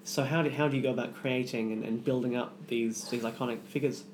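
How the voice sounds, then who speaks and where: A man's voice: mid-range voice, fairly even intonation, fast, darkish tone, a little hiss or hum. A man who is also a cast member, interviewing his castmates in a conversational way with dry humor. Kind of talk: casual podcast interview. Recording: roomy with crowd chatter behind.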